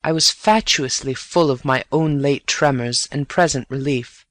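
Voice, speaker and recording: A man's voice: mid-range voice, unhurried, fairly bright tone, no echo. Man narrating a story, dry and close. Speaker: audiobook narrator. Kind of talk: scripted story narration for learners.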